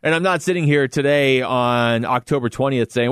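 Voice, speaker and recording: Guy hosting sports talk, casual and animated, jokes at himself, dead dry studio mic. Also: medium pitch, quick pace, hardly any pauses, smooth, dry recording. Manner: conversational, animated, self-deprecating asides. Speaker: sports radio host.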